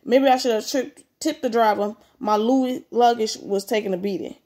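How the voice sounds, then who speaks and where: A woman's voice: fairly high pitch, moderate pace, mellow. A woman reading a story aloud, breaking off for blunt, slangy comments of her own. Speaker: story reader.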